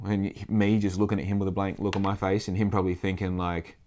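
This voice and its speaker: A man's voice: lowish voice, a little fast. A man with an Australian accent talking casually in a rambling monologue, swearing freely and acting out the people he quotes.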